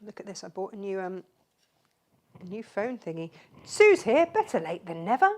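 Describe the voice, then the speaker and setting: A woman's voice: medium pitch, very animated, normal speed. Chatty woman hosting a craft stream. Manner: chatty and rambling, greets viewers by name. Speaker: craft show host. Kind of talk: live craft demonstration chat.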